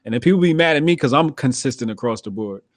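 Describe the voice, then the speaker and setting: A male podcast host with a medium-pitched voice gives blunt, profane commentary and breaks into laughter often. The sound is dry and close, with no room echo. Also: animated, quick pace.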